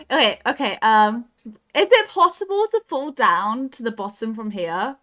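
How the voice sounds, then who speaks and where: Excitable high-voiced woman streamer. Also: measured pace, soft background music. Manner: excitable, giggly, yelps when startled. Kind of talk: casual gameplay chat.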